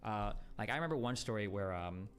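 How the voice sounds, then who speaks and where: A man's voice: on the low side, lively intonation, fairly bright tone. A man talking casually on a livestream, rambling with lots of fillers and swearing, blunt and exasperated. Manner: rapid, rambling, profane, heavy fillers. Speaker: streamer.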